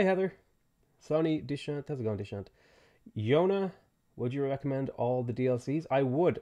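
Animated man chatting on a live stream. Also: medium pitch. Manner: greets chat viewers by name between game setup remarks; quick offhand answers to viewer questions. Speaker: game streamer. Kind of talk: casual live-stream chat.

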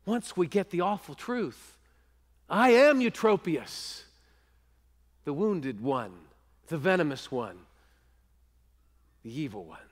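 A male pastor preaching a sermon, earnest and often sinking into a hushed, intimate voice. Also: a little high, long reverb tail. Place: church sanctuary.

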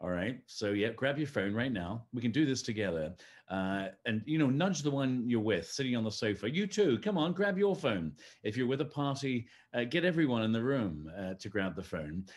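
A man's voice: medium pitch, expressive, brisk. A man hosting a live-streamed fundraising gala, friendly and chatty, talking the audience through donations with frequent fillers. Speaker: host.

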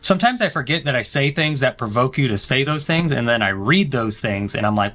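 Animated bright-voiced man gaming. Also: medium pitch, a little fast. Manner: jokey, answers chat, sudden panicked yelps. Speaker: gaming streamer. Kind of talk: let's play commentary.

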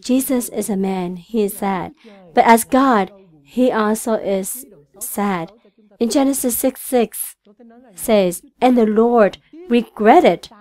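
A woman whose first language is Vietnamese, interpreting a church sermon in an earnest, halting way with frequent restarts. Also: a little high, dark tone.

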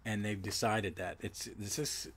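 A man's voice: on the low side, fairly even intonation, a little slow, fairly bright tone. A man hosting a podcast, recapping a comic book on his own in a rambling way, full of self-corrections and fillers. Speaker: podcast host.

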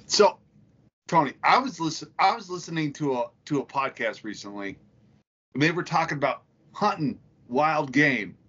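A man co-hosting a crude comedy podcast, telling profane stories with excitement. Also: fairly high pitch, normal speed, breathy edge. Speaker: podcast co-host. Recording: dull, slightly lo-fi sound.

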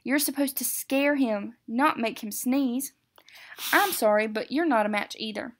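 A strict but patient male monster teacher, as a woman reads him aloud from a picture book. He speaks in a measured, formal, instructive way, fairly high in pitch, like a storybook classroom.

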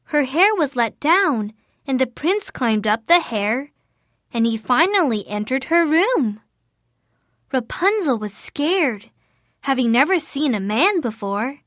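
A woman narrating a fairy tale in a clear, careful storybook reading for language learners. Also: sits high, very animated, slow, a bit bright, no echo, clean studio sound.

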